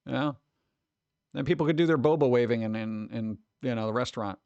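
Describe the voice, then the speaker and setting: A man's voice: medium pitch, a little fast, a little mellow, clear, resonant tone, no echo, lo-fi sound. A man from New York streaming casually, reacting to chat with sarcastic, mumbled asides.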